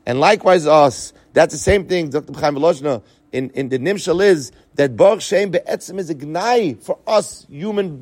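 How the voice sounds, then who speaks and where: A man's voice: fairly high pitch, a little mellow, no echo. Dry-voiced man teaching Talmud. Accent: Yeshivish Ashkenazi Hebrew pronunciation. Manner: chanting Aramaic quotes then explaining in English. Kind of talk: Talmud study lesson.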